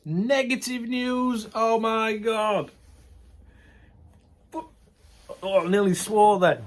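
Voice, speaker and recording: A man's voice: high-pitched, steady tone, slow, pauses often. A middle-aged man, chatting casually to camera, ranting bluntly, then laughing it off with good humour. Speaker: vlogger.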